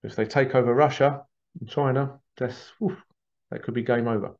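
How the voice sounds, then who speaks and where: A man's voice: medium pitch, steady tone, normal speed, darkish tone, lo-fi sound. A man hosting a podcast, talking earnestly in a rambling, repetitive monologue. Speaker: podcast host. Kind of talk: casual monologue.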